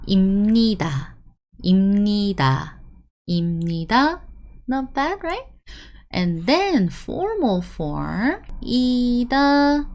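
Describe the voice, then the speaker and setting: Teaching a language lesson online, a young woman with a medium-pitched voice and vocal fry repeats words to drill them. She's animated and frequently asks "right?" while explaining.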